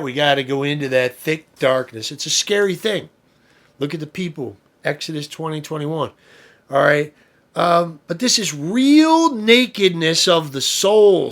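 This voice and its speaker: A man with a somewhat high, gravelly voice gives an informal lesson as a priest. He talks loosely, with fillers and asides. He builds to emphatic, louder stresses on the points he cares about. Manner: explains with fillers and asides, rising to emphatic peaks. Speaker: priest teaching a study session.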